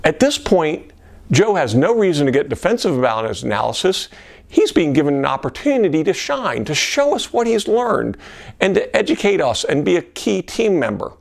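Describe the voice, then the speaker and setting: A man with a gravelly, fairly high voice gives an instructional talk to camera. His pitch moves a lot, rising and falling as he acts out sample questions in a gentler tone. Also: very animated, moderate pace. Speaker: systems engineering presenter.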